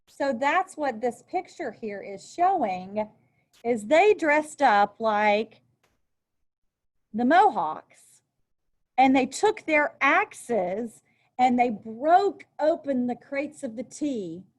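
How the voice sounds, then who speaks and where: A woman's voice: sits high, expressive, takes it slowly. A woman teacher giving a recorded lesson, reading aloud from a text and then explaining it in a chatty way, with casual asides. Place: at a desk with a workbook.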